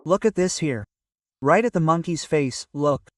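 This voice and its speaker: Male vlogger, slightly high voice, dry and distant outdoor camera sound, out of breath on a climb. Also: lively intonation, a little slow, no echo. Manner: chatty, keeps prompting viewers with "look" and "right?". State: panting from climbing. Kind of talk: casual hiking vlog narration.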